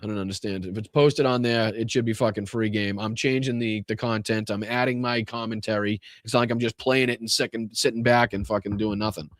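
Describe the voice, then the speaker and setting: A man's voice: lowish voice, steady tone, a little fast, hardly any pauses, no echo. Angry boston guy venting on his livestream, cursing a lot, dry close sound. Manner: profane, exasperated, swings from shouting to muttering. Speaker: podcast host.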